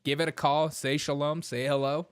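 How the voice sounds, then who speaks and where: A man hosting a livestream commentary show, animated and giggly, laughing through his words. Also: on the high side, moderate pace, clean tone. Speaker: show host.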